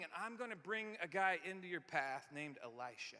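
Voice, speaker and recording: A male pastor with a high, bright voice delivers a conversational sermon, often repeating and restarting words. He moves between loud, emphatic lines and quiet, near-whispered ones. His voice echoes with the long reverb of a large church hall. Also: lively intonation, normal speed.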